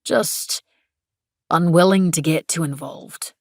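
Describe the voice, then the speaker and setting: Woman doing a quiet gentle guy, murmurs soft and low, a bit gravelly. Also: slow pace, dry recording, clean studio sound, heavily acted. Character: quiet, gentle man on a wildlife team.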